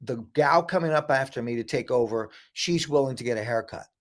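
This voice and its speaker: Speaking fairly quickly at medium pitch, a middle-aged American man is a guest in a storytelling interview. He relates an animated story, voicing the people who appear in it.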